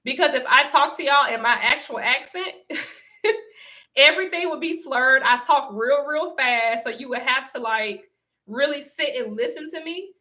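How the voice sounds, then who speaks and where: A woman's voice: sits high, a little slow, pushed and bright. A young adult woman hosting a casual livestream, talking to her viewers with emphatic repetition and frequent laughs. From Southern United States. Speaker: livestream host and speaker.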